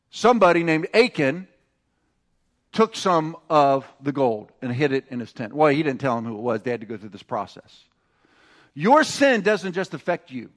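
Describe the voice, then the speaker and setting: High-voiced man preaching emphatically. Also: big pitch swings, normal speed, a bit bright. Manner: emphatic, calls for congregation responses. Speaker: pastor. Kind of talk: sermon.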